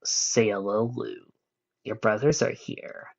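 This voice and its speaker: A man's voice: fairly low pitch, steady tone, slow pace, creaky, slightly rough, dull audio, exaggerated voice. A man reading as a sneering mad scientist. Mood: gloating. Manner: sneering, gleeful menace. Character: cruel gloating male mad scientist pony.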